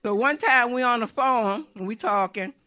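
A woman's voice: fairly high pitch, normal speed, sharp tone. A middle-aged woman telling a personal faith testimony in an earnest, repetitive storytelling way. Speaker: churchgoer giving testimony.

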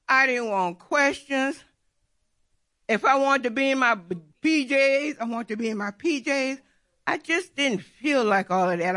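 Bright-voiced woman sharing faith testimony. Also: on the high side. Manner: repetitive, earnest storytelling. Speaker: churchgoer giving testimony.

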